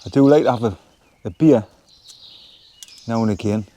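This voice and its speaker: A man, chatting casually in a relaxed, rambling way as he vlogs from a woodland wild camp. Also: mid-range voice, a little slow, long pauses, a little hiss or hum. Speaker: vlogger. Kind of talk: casual outdoor vlog talk. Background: birds and woodland ambience.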